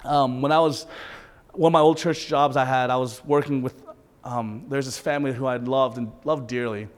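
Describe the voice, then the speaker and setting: A man preaching a sermon as a pastor, impassioned, swinging between intense peaks and soft, hushed asides. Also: medium pitch, steady tone, normal speed. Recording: long reverb of a large hall.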